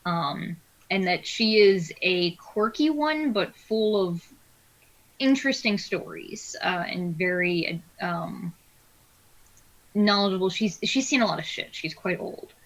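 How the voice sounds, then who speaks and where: A woman narrating as game master of a tabletop game, pausing often with fillers as she describes places. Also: lowish voice, rough recording. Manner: hesitant, many filler pauses.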